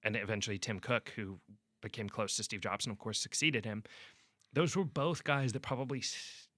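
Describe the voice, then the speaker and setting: Man, young adult, bright forceful tone, lowish voice, animated storyteller, dry close sound. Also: normal speed, dry recording. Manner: animated storytelling, acts out quotes loudly. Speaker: sports reporter, guest. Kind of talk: conversational podcast interview.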